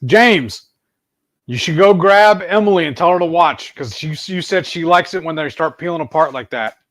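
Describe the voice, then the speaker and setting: A man hosting a cooking video in his home kitchen, talking in a relaxed, folksy way. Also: on the high side, normal speed. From Texas. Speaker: cooking channel host. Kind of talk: casual chat while cooking.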